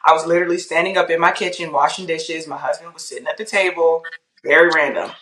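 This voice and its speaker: Animated woman sharing a faith testimony. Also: deep voice, quick pace, echoey room, slight background noise. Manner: animated storytelling, laughs often, acts out her inner voice. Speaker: podcast guest. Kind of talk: casual testimony.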